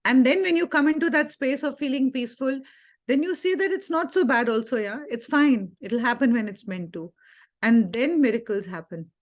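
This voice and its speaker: A woman's voice: high-pitched, expressive, a little fast. A woman, a wellness teacher giving a Sunday talk, telling a personal story earnestly with many fillers. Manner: earnest storytelling with frequent fillers and quoted dialogue.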